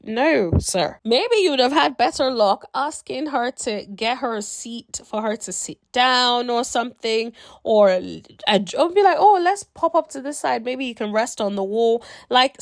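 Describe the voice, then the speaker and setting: A woman chats casually through a reality show recap, sassy and animated, acting out quotes as she goes. Her voice sits a little high and swings widely in pitch. The sound is dry, with no room echo. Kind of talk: casual commentary.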